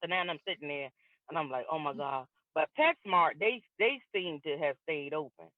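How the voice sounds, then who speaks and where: A woman's voice: low-pitched, normal speed. A middle-aged woman comedian tells stories to a live audience on a video call, acting out both sides of each exchange. Her voice comes through thin and tinny, like a phone line. The sound is dry and close, with no room echo. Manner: lively storyteller acting out both sides of dialogues. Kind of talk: stand-up comedy set over a video call.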